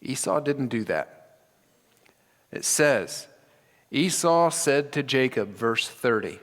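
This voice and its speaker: Male pastor, animated sermon delivery acting out scenes, recorded in a church with long reverb. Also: medium pitch, takes it slowly. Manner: animated, acts out scripture with dramatic voices. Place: church sanctuary.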